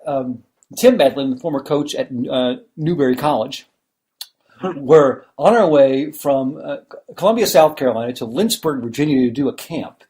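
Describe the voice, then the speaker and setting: A man's voice: fairly high pitch, a little mellow. A man hosting a podcast, telling stories in a rambling, casual way with many restarts. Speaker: podcast host. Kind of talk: casual chat.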